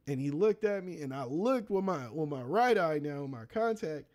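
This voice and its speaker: A man's voice: lively intonation, moderate pace, darkish tone. A man who produces beats, telling a casual, profane story during a livestream and acting out the people he quotes. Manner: slangy and profane, acts out quoted people in a higher voice. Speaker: beat producer streaming his sessions.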